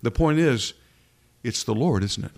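A man's voice: medium pitch, animated, unhurried, a little mellow. Earnest man preaching a sermon. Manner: earnest, repeats phrases for emphasis.

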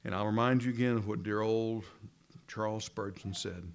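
A man preaching a sermon, earnest and emphatic, with dramatic pauses and quoted lines dropped low and hushed. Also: steady tone, clean tone.

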